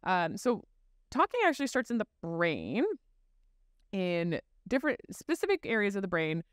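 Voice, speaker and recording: Woman, podcast guest expert, smooth voice, step-by-step explainer, dry close mic. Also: mid-range voice, big pitch swings, normal speed, no room sound. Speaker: guest expert on child speech development.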